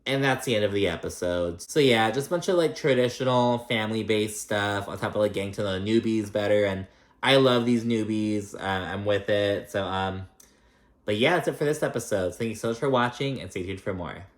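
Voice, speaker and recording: A man's voice: fairly low pitch, fairly quick. A man casually recapping a reality show, swearing freely and acting out what the cast members said. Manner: profane, animated, acts out quotes. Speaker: host. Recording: echoey room.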